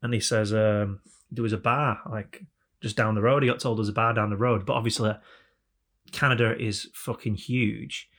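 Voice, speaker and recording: Casual male podcast host, gravelly, swears freely, tells stories. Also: lowish voice, fairly even intonation, normal speed, a bit bright. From England. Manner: storytelling, sweary, laughing often. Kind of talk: casual chat.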